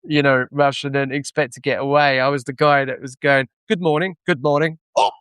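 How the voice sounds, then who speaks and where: A man's voice: medium pitch, level tone, brisk, fairly bright tone, smooth, no echo. A man with a London accent chatting as a podcast guest, self-deprecating and full of hesitant fillers. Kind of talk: casual podcast conversation.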